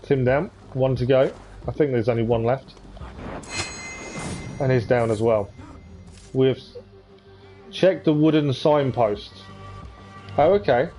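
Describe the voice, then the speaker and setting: A man's voice: mid-range voice, slow, long pauses, dark tone, muffled recording, faint music behind. A man giving casual commentary on a live gameplay stream, thinking aloud as he plays. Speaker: game streamer.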